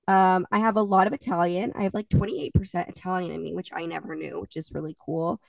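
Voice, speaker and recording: Chatty woman with a gravelly voice. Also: lowish voice, fast talker, no room sound, far from the mic. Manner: chatty, laughs often, swears casually. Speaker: podcast co-host. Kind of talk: casual chat.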